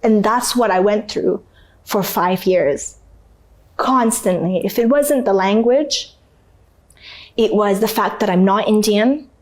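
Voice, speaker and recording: A woman guest from Canada telling her story in an interview, animated and acting out the people she met. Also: mid-range voice, takes it slowly. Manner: animated, acts out other people's voices. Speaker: guest, actress.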